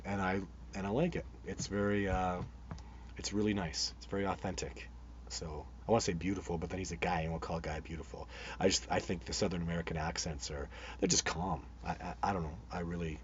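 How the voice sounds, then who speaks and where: A man's voice: sits low, steady tone, a little fast. A man hosting a live show, chatting with viewers as he reads their comments, rambling and enthusiastic with many restarts. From Canada. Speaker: host of a live Bigfoot show. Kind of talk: live-stream chat answering viewer comments. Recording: dull sound with faint background noise.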